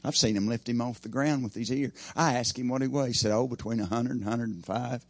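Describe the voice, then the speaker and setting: A man preaching an evening sermon, his voice swinging from loud emphasis to hushed asides. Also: medium pitch, fairly quick, no echo.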